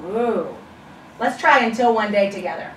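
In a classroom with children, a first-grade teacher leads a shared reading, offering encouragement and using chanted rhythm. Her voice is medium-pitched and animated at a moderate pace, with a crowd in the background. A far camera mic captures the echoey classroom from a distance.

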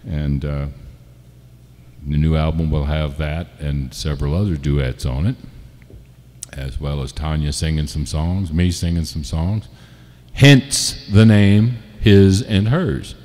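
A man hosting a live-stream music show from home, chatting casually and joking, with frequent pauses and fillers. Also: very deep voice, a little mellow, in a large hall, a little hiss or hum. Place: home setup, not a studio.

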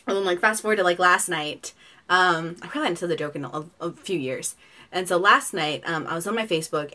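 A young woman rambles happily through a casual vlog from her bedroom, giggling as she talks and filling pauses with plenty of fillers. Her voice sits a little low for a woman. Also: pushed and bright. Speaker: vlogger. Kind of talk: casual get-to-know-me vlog.

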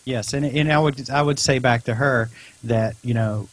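A man's voice: mid-range voice, fairly even intonation, moderate pace, no echo. A man, a former police officer, speaking as a guest on a podcast and explaining his views earnestly and at length. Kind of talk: casual discussion.

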